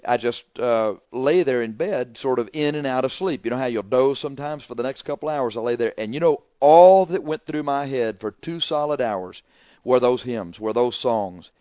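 A man's voice: medium pitch, expressive, moderate pace, warm tone, clear, resonant tone, no echo, clean studio sound. A man preaching a sermon in an earnest, conversational way, firing off rhetorical questions and repeating his points.

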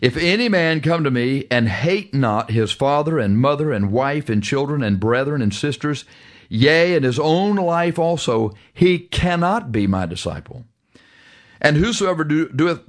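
A man preaching a broadcast sermon, reading scripture aloud and driving points home, stretching words out slowly, then rushing ahead. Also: mid-range voice. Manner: emphatic, drawn-out preaching with sudden fast stretches; reads scripture in old-fashioned wording.

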